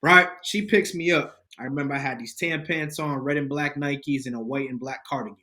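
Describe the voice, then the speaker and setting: A man guesting on a podcast, telling a personal testimony in casual slang with lively energy. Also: mid-range voice, a little fast. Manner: slangy, animated, addresses listeners as bro and fam.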